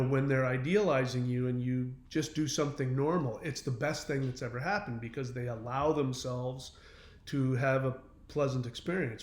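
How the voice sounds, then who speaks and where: Male host, mid-pitched, earnest advice monologue with fillers and restarts, roomy echo. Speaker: self-help channel host. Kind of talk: casual monologue to camera.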